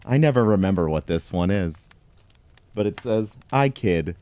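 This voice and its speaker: A man reading a pun picture book aloud as a comic bit, in a mock-solemn deadpan way, talking to a toy penguin. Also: low voice, normal speed. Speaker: host. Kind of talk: deadpan comedic storybook reading.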